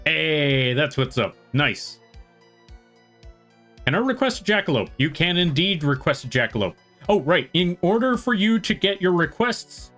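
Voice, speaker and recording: A man's voice: a little high, fairly bright tone. A man from the western United States with a slight Southern-tinged American accent, chatting casually on a live art stream and greeting viewers by name. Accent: American with a slight Southern twang. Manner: friendly, rambling, greets chat by name.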